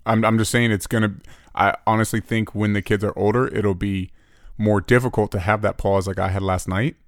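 A man's voice: fairly low pitch, level tone, brisk, no room sound, clean studio sound. A man in his thirties co-hosting a casual podcast, telling a story in an earnest, reflective way. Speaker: podcast co-host.

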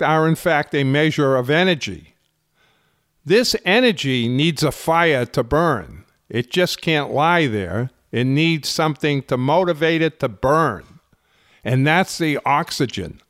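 A man who runs a fitness channel, explaining health topics in slow, deliberate, emphatic phrasing. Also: fairly high pitch, dry recording, clean studio sound. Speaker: fitness instructor. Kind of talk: slow explanatory talk to camera.

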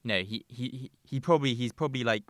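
A man co-hosting a casual podcast chat, relaxed and quick to joke. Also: mid-range voice, no room sound. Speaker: podcast co-host.

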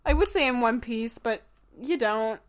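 Halting young woman game master. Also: fairly high pitch. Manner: halting, filler-heavy. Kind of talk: narrating a tabletop game.

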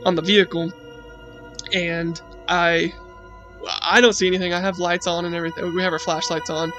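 High-voiced young man telling a spooky story. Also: level tone, normal speed, music in the background. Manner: profane, rambling, heavy use of "like".

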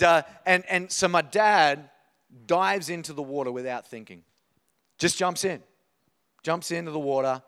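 Aussie pastor guy preaching, smooth resonant voice, bit high, big hall echo. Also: a bit bright. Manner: passionate preaching with rising emphasis and storytelling. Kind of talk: sermon.

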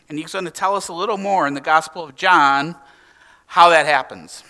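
Male pastor, higher-pitched bright voice, animated sermon delivery, slightly distant church mic. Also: normal speed. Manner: animated preaching with emphatic rises and hushed drops.

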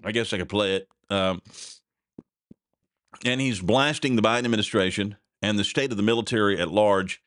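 Recorded in studio quality with no room sound on a desk mic equipped with a censor button, a man hosts a solo commentary podcast. His somewhat low, slightly bright voice moves at a moderate pace as he rambles indignantly, spiking sharply upward whenever outrage takes hold.

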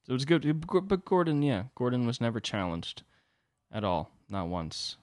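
A man's voice: mid-range voice, very animated, a little slow, no room sound, clean studio sound. A young adult man hosting a solo podcast, telling a comedic story with profane, rambling asides. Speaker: podcast host.

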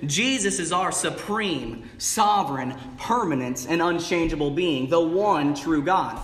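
A man's voice: a little high, lively intonation, measured pace. A man preaching an evening sermon in a church, with an emphatic cadence that stretches out key words. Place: church sanctuary. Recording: long reverb of a hall. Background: congregation calling out replies.

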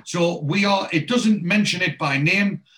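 A man's voice: sits high, a little slow, fairly bright tone. A man co-hosting a podcast, casually retelling a TV episode in a rambling, chatty way. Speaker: podcast co-host.

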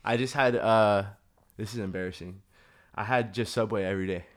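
A man's voice: fairly low pitch, fairly even intonation, a little fast. A young man talking as a podcast guest in casual chat, laid-back and rambling, laughing often.

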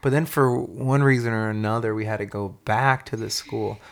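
A man co-hosting a podcast, telling a childhood story in casual chat, animated and swearing freely. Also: on the low side, normal speed, gravelly. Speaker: podcast co-host.

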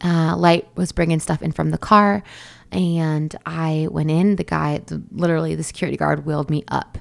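A young woman tells her story in a loose, chatty monologue, laughing now and then and wandering into side notes. Her voice sits a touch low and has a gravelly fry. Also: steady tone, normal speed. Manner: chatty, laughs often, many fillers and asides. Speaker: new mother telling her birth story.

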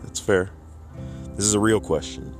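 A man's voice: low-pitched, normal speed, faint music behind. A man voicing a folksy drifter who shows off a talking dog, speaking in a drawling, wheedling way.

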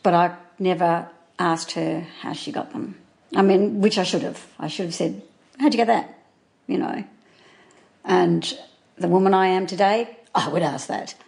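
A woman being interviewed, recalling events from years ago in halting, earnest speech that often restarts mid-sentence. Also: on the low side, vocal fry, darkish tone. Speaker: interviewee, former neighbour and friend. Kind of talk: recounting memories in an interview.

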